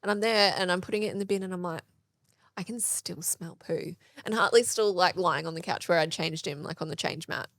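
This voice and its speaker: A woman in her thirties co-hosting a parenting podcast, telling stories in a casual, animated way and acting out the quoted lines. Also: on the low side, fast, few pauses, no echo. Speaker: podcast co-host. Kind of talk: casual chat.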